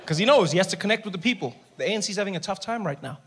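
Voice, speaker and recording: A man on a comedy stage, teasing in a fairly high voice. Faint noise hangs behind him. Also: animated, rapid-fire, a bit bright, a faint crowd. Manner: mocking, playful. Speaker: stand-up comedian. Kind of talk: stand-up comedy.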